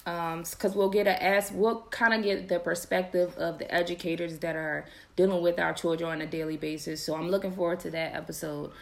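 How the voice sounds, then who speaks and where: Young woman host, chatty and animated, slightly low-pitched, laughs a lot; casual podcast talk. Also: fairly quick, gravelly, hardly any pauses. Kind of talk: casual chat to viewers.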